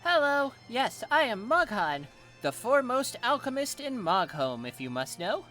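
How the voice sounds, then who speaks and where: Guy doing a squeaky moogle alchemist, fussy and braggy, big sing-song swings. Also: very animated, unhurried, sharp tone, soft background music, heavily acted. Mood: flustered, bossy.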